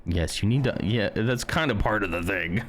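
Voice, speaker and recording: A man's voice: fairly low pitch, normal speed, slight background noise. A man streaming a game live, chatty and self-deprecating as he talks to his chat.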